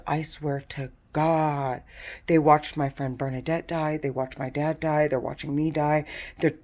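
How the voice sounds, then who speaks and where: A woman's voice: deep voice, a little mellow. A distressed woman giving an angry, profane, repetitive monologue to camera, recorded at home in her condo. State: distressed and agitated. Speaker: vlogger.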